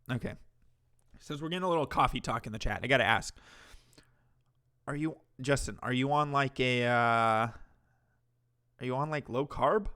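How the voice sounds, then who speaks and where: A man's voice: mid-range voice, clean tone. A man hosting a live stream, reacting to clips and chatting with viewers in a sarcastic, profane way. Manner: bursts into loud laughter and yelling. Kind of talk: casual live-stream commentary.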